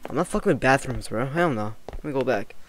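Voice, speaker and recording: A man giving casual, excitable let's-play commentary on a horror game, swearing, jumpy and talking back to the characters. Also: mid-range voice, fast, faint music behind. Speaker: gamer playing a horror game.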